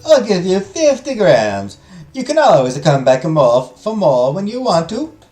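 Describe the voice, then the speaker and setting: A man voicing a cheerful, pushy spice and tea merchant with a put-on Italian accent and high, drawn-out sales patter. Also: wildly swooping pitch, dark tone. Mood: coaxing. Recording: echoey room, faint music.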